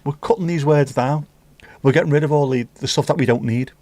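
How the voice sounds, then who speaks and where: Reading messages from viewers, a man runs a casual livestream at home and chats with them cheekily. His voice is fairly high, a little mellow, and fairly quick, recorded without echo.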